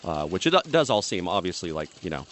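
A man's voice: deep voice, big pitch swings, quick pace, fairly bright tone, a little hiss or hum. A man co-hosting a radio show, reading news items and adding wry, dry remarks.

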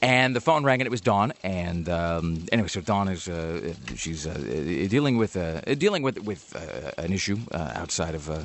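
A man hosting a radio show in casual banter, rambling with lots of fillers and restarts, slipping into animated impressions. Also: deep voice, moderate pace, few pauses, a little hiss or hum. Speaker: radio host.

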